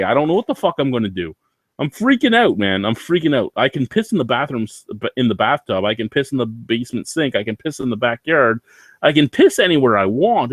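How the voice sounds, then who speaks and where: A man's voice: on the low side, dry recording. A man ranting in a casual vlog, rambling, swearing and sounding anxious. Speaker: vlogger.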